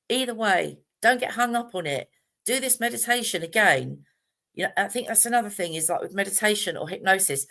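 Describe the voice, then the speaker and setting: This is a middle-aged woman, speaking in a slightly low voice. She rambles casually through her live-stream talk, full of fillers and restarts. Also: creaky, fairly bright tone. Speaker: meditation teacher.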